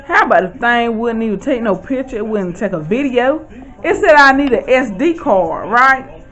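A woman, chatting excitedly to viewers at home as she shows off her shopping haul. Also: on the high side, normal speed, dull audio. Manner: chatty, excitable, keeps addressing viewers as y'all. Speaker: vlogger. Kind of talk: casual haul vlog.

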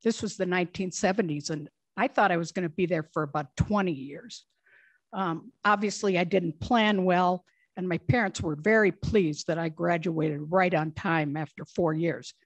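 Woman in her sixties, interview guest, storytelling, lowish pitch. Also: normal speed, no echo. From Minnesota. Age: 60s. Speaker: guest speaker.

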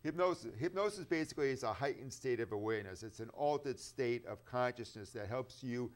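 A man's voice: medium pitch, brisk. A man appearing as a hypnotist guest on a studio talk show, explaining his work casually, listing examples and slipping in jokes. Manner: explanatory, joking, lists examples. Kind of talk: casual interview chat.

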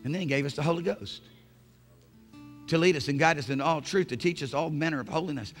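Male pastor preaching in church, kinda high voice, goes quiet then loud, faint guitar in the back. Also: quick pace. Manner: impassioned preaching, swinging from hushed to shouting. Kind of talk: sermon. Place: church sanctuary.

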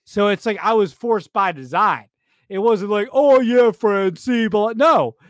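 A man co-hosts a baseball podcast with a slightly high voice. His talk is animated and rambling, and he repeats himself often. The sound is close and dry, with no room echo. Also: a little slow. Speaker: podcast co-host. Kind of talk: casual sports chat.

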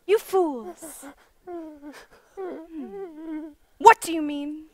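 A woman's voice: very high-pitched, very slow, no room sound, full character voice. A woman voicing a haughty, cruel queen who mocks and cackles. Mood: scornful. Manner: cackling, scornful, draws out words. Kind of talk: audio drama acting.

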